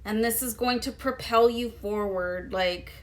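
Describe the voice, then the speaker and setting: A woman with a fairly high pitch gives a casual, unhurried tarot reading to her viewers, with slight background noise in the audio. She chats loosely and leans on fillers like "um" and "you know."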